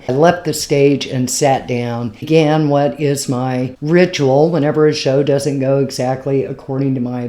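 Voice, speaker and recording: A woman's voice: extremely low pitch, mellow. A woman comedian telling a story casually, frank and self-mocking, with laughs slipping in. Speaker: stand-up comedian.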